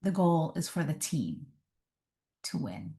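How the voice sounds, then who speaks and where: Slow, low-voiced woman relationship coach. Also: sing-song, dark tone. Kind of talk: advice talk to camera.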